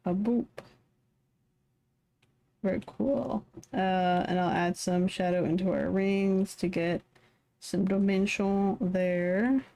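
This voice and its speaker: A woman's voice: mid-range voice, slow pace, gravelly, warm tone. A tired woman streaming live, mumbling to herself as she draws. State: tired, yawning. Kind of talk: casual live-stream commentary while drawing.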